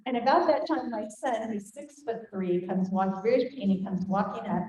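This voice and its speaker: An older woman teaching a group, telling a family story in an animated way and acting out voices. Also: mid-range voice, moderate pace. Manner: animated, acts out quoted voices. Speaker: Bible study teacher. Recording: echoey room, faint noise.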